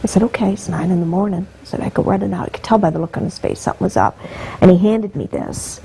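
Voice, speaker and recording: A woman's voice: fairly low pitch, quick pace, vocal fry, dark tone, slight background noise, poor audio. A woman guest telling an emotional personal story, her voice rising and catching with feeling. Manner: heartfelt, voice rising and breaking with emotion.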